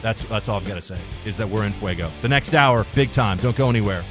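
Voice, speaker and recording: A male radio host talking through calls and upcoming segments, with joking asides and quick restarts. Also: fairly low pitch, over music. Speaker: radio talk show host. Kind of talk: talk radio monologue and call-in chat. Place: radio studio. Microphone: close studio mic.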